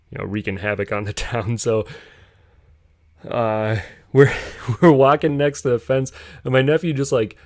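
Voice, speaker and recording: A man's voice: on the low side, no echo, clean studio sound. A young man casually telling a rambling story on a podcast, chuckling as he goes. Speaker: podcast host.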